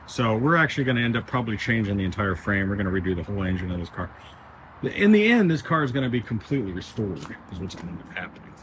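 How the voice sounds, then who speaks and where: A shop owner with a fairly low voice rambles through a casual vlog tour of his large warehouse workshop over background noise. He sounds frustrated and often begins his sentences again.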